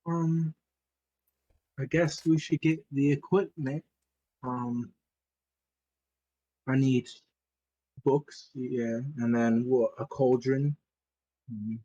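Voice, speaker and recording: Male player, casual in-character talk, mid pitch. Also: steady tone, very slow, long pauses, dark tone, husky, highs cut off. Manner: casual, hesitant. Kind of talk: in-character tabletop play.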